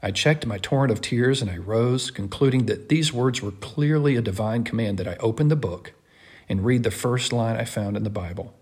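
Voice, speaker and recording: Husky-voiced man, earnest dramatic reading. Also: mid-range voice, a little mellow. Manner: earnest, impassioned, measured. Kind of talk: dramatic first-person reading of a classic text.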